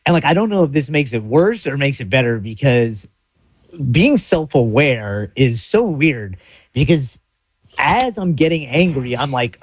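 Man co-hosting radio, dry close sound, animated storyteller. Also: mid-range voice, measured pace, slightly rough, dry recording, low-quality recording. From South Florida. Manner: rambling, animated storytelling with voiced inner monologue. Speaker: radio co-host. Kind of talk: casual radio talk.

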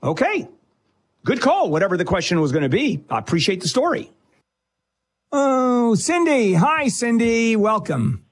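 A man hosting a call-in advice show, blunt and quick with wisecracks. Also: very high voice, very animated, breathy edge. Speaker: radio call-in host.

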